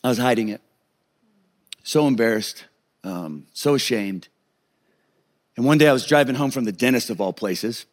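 A middle-aged male pastor giving an earnest, confessional sermon, sharing personal testimony with many stammered restarts. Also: medium pitch.

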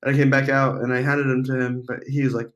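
A man's voice: mid-range voice, flat delivery, quick pace, background noise. A man on a podcast telling blunt, profane stories in casual chat.

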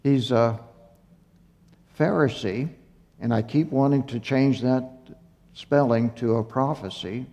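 A man giving a Bible teaching, speaking slowly and haltingly with fillers and self-corrections, a little out of breath. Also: mid-range voice, dark tone. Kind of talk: unhurried Torah teaching. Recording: muffled recording in a reverberant hall.

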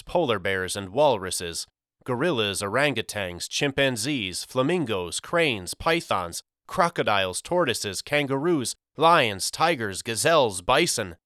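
A man reading a novel aloud as an audiobook, measured and expressive. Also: mid-range voice, no echo, clean studio sound. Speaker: audiobook narrator. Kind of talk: scripted audiobook narration.

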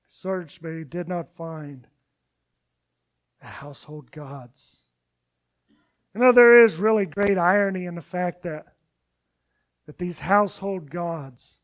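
A man with a high-pitched voice delivers a sermon, retelling scripture passages with dramatic readings of each character. His phrases often sink to a soft, low finish before the next line lifts again. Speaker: pastor. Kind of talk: expository sermon.

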